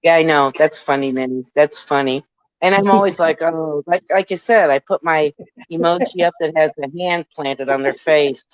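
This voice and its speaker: A woman's voice: low-pitched, moderate pace, no echo. A woman co-hosting a casual live chat, outspoken and teasing, speaking emphatically. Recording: dry muffled lo-fi audio.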